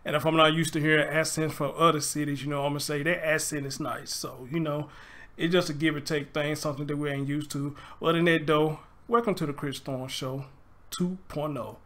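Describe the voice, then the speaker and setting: Southern American man, livestream host, chatty and easygoing, bright and somewhat high voice. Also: steady tone, fairly quick. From Southern United States. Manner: loose, chatty, greets viewers by name. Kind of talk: casual livestream commentary.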